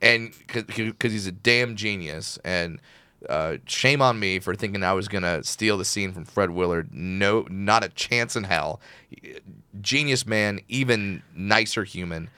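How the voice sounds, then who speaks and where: A man from Southern California, a comedian guest on an interview show, telling animated stories and acting out the people in them. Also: on the low side, a little slow, smooth, no room sound. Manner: animated storyteller, acts out quotes. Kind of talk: casual interview chat.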